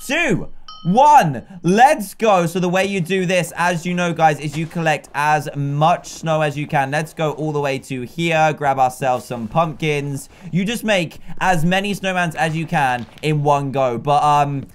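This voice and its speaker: High-voiced excitable British man. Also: unhurried, hardly any pauses, smooth. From Britain. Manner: excitable, chatty running commentary. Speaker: gaming YouTuber. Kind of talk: casual gameplay commentary.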